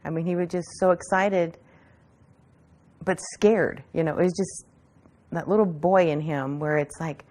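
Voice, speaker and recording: A woman in a documentary interview, retelling events in an animated, excited way and acting out what was said. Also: on the low side, unhurried, pauses often.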